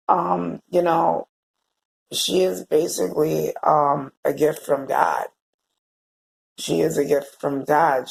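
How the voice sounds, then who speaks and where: A man talking to the camera in a personal vlog, halting and heartfelt, often repeating words as he searches for what to say. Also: fairly high pitch, gravelly, darkish tone. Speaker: vlogger. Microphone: camera held or set facing away.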